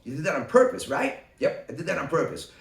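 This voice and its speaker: A man leads a Talmud study group, talking the case through in lively back-and-forth exchanges where he voices each side himself. His pitch swings a lot and sits somewhat high. He is recorded from a distance in a roomy, echoing space. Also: gravelly. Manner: animated, acts out both sides of the case in quick exchanges. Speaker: rabbi leading a study group.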